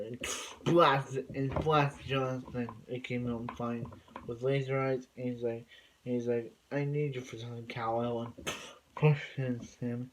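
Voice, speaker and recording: A man talks through a TV episode in a loose, rambling recap. He keeps circling back with fillers and restarts. His voice sits at an ordinary middle pitch. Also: steady tone, measured pace, a little hiss or hum, poor audio. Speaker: TV episode reviewer.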